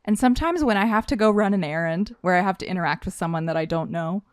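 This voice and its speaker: A woman's voice: fairly low pitch, quick pace, dry recording. A woman in her thirties co-hosts a casual sports podcast. She talks in a chatty, self-deprecating way, full of fillers. The sound is close and dry, with no room around it. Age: 30s. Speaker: podcast co-host.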